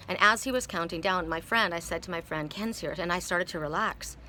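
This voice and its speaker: A woman's voice: fairly low pitch, fairly quick, hardly any pauses, bright, forceful tone, slight background noise. A middle-aged woman who reads tarot cards, telling a personal story in a rambling, emotional way with many repeated words. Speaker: tarot card reader. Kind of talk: casual spoken storytelling.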